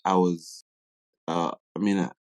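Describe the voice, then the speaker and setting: A man's voice: deep voice, flat delivery, measured pace, no room sound. A young man from Africa, a podcast guest, telling a story in a casual way. He acts out quoted dialogue and often uses "like" as a filler.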